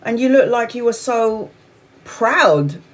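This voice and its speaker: A woman's voice: fairly high pitch, animated, takes it slowly, pitched above the performer's own voice. A woman voicing an earnest coaxing young woman. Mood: pleading.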